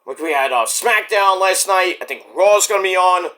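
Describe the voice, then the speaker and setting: A man's voice: high voice, animated, moderate pace, pushed and bright. A man hosting a casual solo podcast, rambling and swearing freely as he loses his thread. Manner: rambling and profane, trailing off. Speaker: podcast host.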